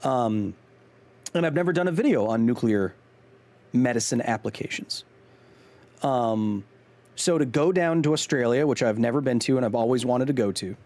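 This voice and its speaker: A man's voice: mid-range voice, a little mellow. A man hosting a live game stream, chatting casually with viewers, rambling with many restarts and poking fun at himself. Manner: rambling, chatty, talks back to chat; frequent ums and restarts, self-mocking. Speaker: gaming streamer host.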